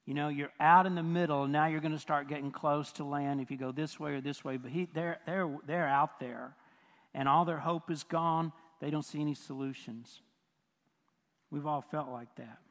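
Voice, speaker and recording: Male pastor, chatty sermon delivery, lightly raised pitch, echoing church hall. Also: steady tone, moderate pace. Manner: conversational preaching, asks the audience questions, repeats phrases. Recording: long hall reverb.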